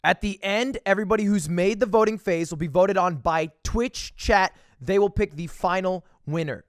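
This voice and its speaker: A young man livestreaming from his home setup, hosting a virtual talent show in VR with energetic, joking, quick-to-laugh chatter. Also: sits high, no room sound, clean studio sound. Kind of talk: casual livestream chat. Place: home streaming setup, playing in VR.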